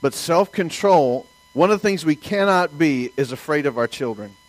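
A man's voice: on the high side, lively intonation, normal speed, no room sound, rough recording. A man from the American South with a Southern accent, preaching a sermon in a folksy storytelling way and asking the congregation for amens. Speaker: pastor.

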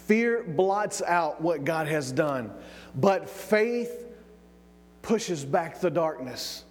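A preacher with a fairly high voice, delivering a sermon emphatically and stretching out key words. His voice rolls through the long reverb of a large hall. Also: expressive. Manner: emphatic, drawn-out pauses, calls of amen.

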